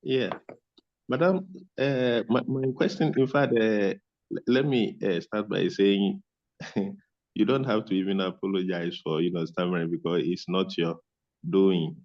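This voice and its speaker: A man with a very deep voice asks a question politely and at length, with many fillers. The audio is dull and lo-fi. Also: unhurried. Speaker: caller asking a question. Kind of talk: meeting question.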